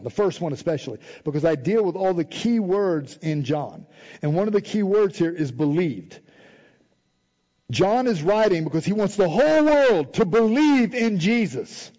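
A man preaches in a warm, mellow voice that sits a little high, pressing his points and pausing for the room to answer his questions. He drops in a joking aside now and then. The recording sounds dull and lo-fi. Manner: preaching with rising emphasis and call-and-response questions. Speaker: pastor. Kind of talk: sermon.

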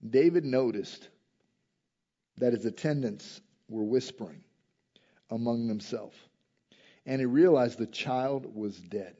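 A man preaching a sermon, moving between quiet reflective passages and loud, emphatic rises, often asking his listeners direct questions. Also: mid-range voice, unhurried, long pauses, lo-fi sound.

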